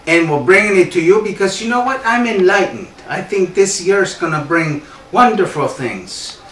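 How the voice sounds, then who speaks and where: A man's voice: high-pitched, lively intonation, a bit bright, slight background noise. Playful man with a put-on Canadian accent. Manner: playful, mock-earnest, drawn-out repetitions. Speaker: comedy show host. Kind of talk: rambling comic monologue. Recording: roomy echo, distant mic.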